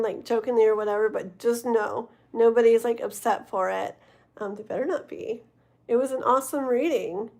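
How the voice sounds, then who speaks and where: A woman's voice: on the high side, a little mellow. A young woman, tired and yawning, chatting casually and rambling with her live chat between tarot readings, laughing often. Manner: rambling, giggly, talks to chat. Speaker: livestream tarot reader.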